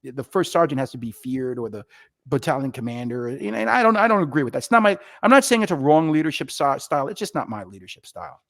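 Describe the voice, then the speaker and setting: Fast-talking New man telling stories. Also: mid-range voice, gravelly, no echo, studio quality. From New York. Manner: animated, acts out bosses in quoted voices. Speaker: podcast guest, retired Marine officer. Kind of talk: casual storytelling.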